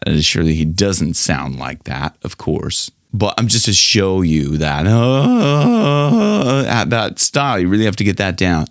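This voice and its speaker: A male singing teacher explains vocal technique in a friendly, easygoing manner. His voice is smooth and clear, with a lively, swinging pitch. He speaks at a slow, relaxed pace in a dry, close-sounding space. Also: no echo. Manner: friendly, explanatory, laughs often. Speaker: vocal coach.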